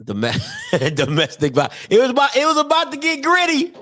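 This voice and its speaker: Animated high-voiced man hosting call-in. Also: brisk, background noise. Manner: animated, swings between loud hype and muttering. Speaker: sports talk show host. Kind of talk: live call-in sports talk show.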